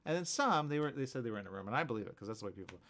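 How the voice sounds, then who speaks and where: A man hosting a morning radio show, his pitch leaping up and down as he rambles. He keeps circling back with restarts and side remarks, delivered as a casual monologue in a mid-range voice. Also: rapid-fire, gravelly, a little hiss or hum. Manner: rambling and animated, with many restarts and asides.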